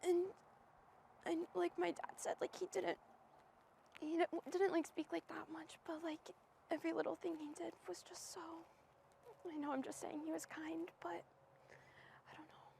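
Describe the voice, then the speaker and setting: A young woman with a very high voice and a gravelly edge speaks about grief. Her delivery is soft and halting, full of pauses as she struggles for words. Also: level tone, a little hiss or hum. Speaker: grieving sister. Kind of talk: emotional interview statement.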